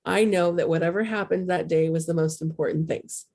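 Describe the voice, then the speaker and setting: She speaks briskly in a lowish, darkish voice with fairly even intonation. This middle-aged spiritual coach and podcast host keeps things casual and heartfelt, rambling candidly and making light of herself.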